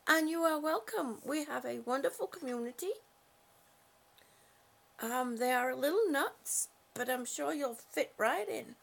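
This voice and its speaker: Chatty woman with a gravelly, high voice. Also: animated, a little slow. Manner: chatty and affectionate, frequent fillers. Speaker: livestream host. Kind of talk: casual chat reading viewer comments. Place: home.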